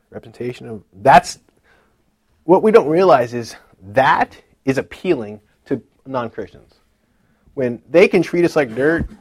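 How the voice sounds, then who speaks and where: A man in his thirties telling a personal faith story in a casual, animated way, acting out the people in it. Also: husky, no echo. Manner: animated retelling, acting out dialogue with lively pitch jumps. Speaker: speaker sharing a personal testimony.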